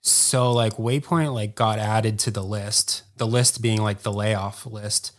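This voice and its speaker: Low-pitched male podcast guest, rambling casual storyteller. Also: steady tone. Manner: rambling, heavy use of "like", quick bursts. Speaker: podcast guest, former editor.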